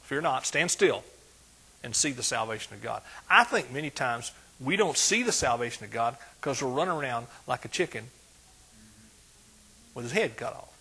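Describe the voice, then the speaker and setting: A man preaching a sermon, folksy and animated, dropping soft and then rising loud. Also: mid-range voice, normal speed, gravelly, husky.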